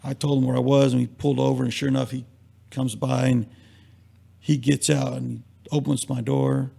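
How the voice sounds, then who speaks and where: Gravelly husky man telling stories. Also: mid-range voice, level tone, moderate pace, mellow. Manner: rambling anecdotes with acted-out quotes. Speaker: guest. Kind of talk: casual storytelling.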